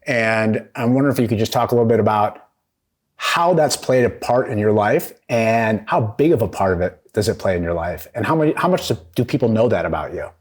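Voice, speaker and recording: A man's voice: on the low side, darkish tone. A man hosting an interview, asking long, thoughtful, rambling questions. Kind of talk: casual interview.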